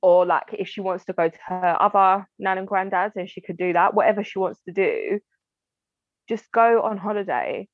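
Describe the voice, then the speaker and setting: An interview guest with a medium-pitched voice and lively intonation recounts a family story at a normal pace, openly and with feeling, often mimicking her relatives. The dry, slightly dull lo-fi recording has no room sound.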